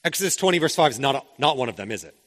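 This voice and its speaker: A man's voice: medium pitch, big pitch swings, rapid-fire, fairly bright tone. A man preaching a sermon as the pastor, talking conversationally with rhetorical questions and frequent restarts. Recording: long hall reverb.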